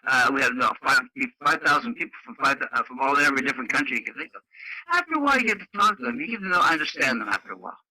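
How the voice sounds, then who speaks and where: Older canadian guy on the radio, blunt, laughs a lot, bright dry voice. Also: medium pitch, lively intonation, very fast, no echo, poor audio. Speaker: radio club member. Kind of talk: casual radio chat.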